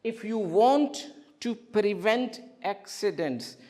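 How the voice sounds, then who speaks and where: A man teaching English vocabulary to a classroom, asking clear questions and having the students repeat words. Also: high-pitched. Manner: slow and clear, with lively questioning and drilling.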